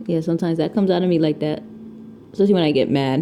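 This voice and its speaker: A woman's voice: low-pitched, fast, dark tone, a little hiss or hum. A woman from Connecticut, around her thirties, with a Connecticut accent, chatting and rambling casually at home while she crafts, picked up by the camera mic. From Connecticut, USA. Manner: rambling, chatty, laughs often. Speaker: crafting vlogger. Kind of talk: casual chat while diamond painting.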